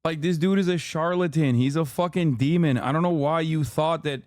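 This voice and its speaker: A man's voice: fairly high pitch, moderate pace, darkish tone, a little hiss or hum. A man giving heated, profane livestream commentary, ranting and exasperated. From Muslim-majority country. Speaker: streamer reacting to a video.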